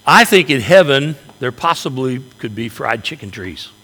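A man's voice: medium pitch, sing-song, normal speed, bright, forceful tone. A male pastor preaching a sermon in a church with folksy humor. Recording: echoey hall reverb.

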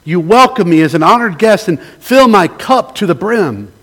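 A man preaching as a pastor, reading a psalm aloud and praying, gentle and unhurried, pausing to invite the congregation to respond. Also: sits high, expressive. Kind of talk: sermon with scripture reading and prayer.

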